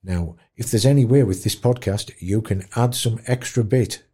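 Low dark husky man, animated storyteller. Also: normal speed. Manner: animated, emotional storyteller, drops to a hush at tender moments. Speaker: guest musician in care.

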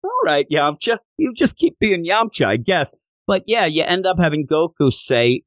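A man hosting a podcast, recapping a manga chapter and acting out the characters' lines in animated storytelling. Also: on the high side, normal speed, dry recording, clean studio sound. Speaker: podcast host.

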